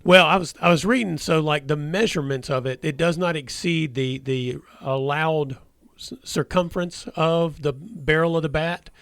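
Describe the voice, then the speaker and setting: A man's voice: on the high side, moderate pace, fairly bright tone, dry recording. A man hosting a casual sports radio talk show, rambling with many restarts and hesitations.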